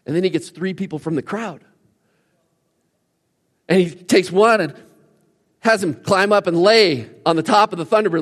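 A man delivering a sermon with a high, bright-edged voice. His storytelling swings from quiet asides to shouting. The sound carries a long reverb from a large hall. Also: normal speed. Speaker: pastor.

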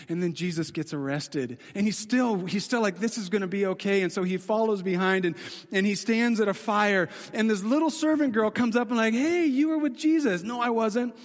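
A man preaching a sermon in a casual, conversational way, telling the story dramatically and swinging from excited to hushed. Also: high voice. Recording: long hall reverb.

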